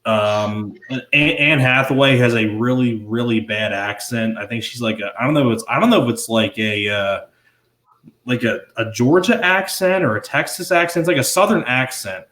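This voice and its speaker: A man's voice: medium pitch, normal speed, fairly bright tone. A man chatting casually about movies as a podcast co-host, rambling, repeating words and swearing now and then. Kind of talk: casual movie review chat. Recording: roomy echo.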